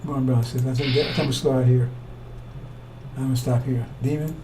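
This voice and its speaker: A man's voice: medium pitch, fairly even intonation, fast talker, recorded from a distance, noisy background. A man preaching fiery, accusatory commentary on scripture, repeating himself as he drives each point home.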